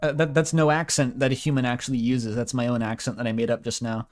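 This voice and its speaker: Guy reading a story out loud, casual, joking about himself, soft music behind. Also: mid-range voice, flat delivery, fast. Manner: self-deprecating asides, mild swearing. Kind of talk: casual read-aloud of fan fiction.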